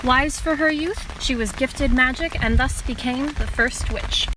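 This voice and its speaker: Soft-spoken woman telling a fairy tale. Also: sits high, unhurried, noisy background. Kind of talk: storybook narration of a folk tale.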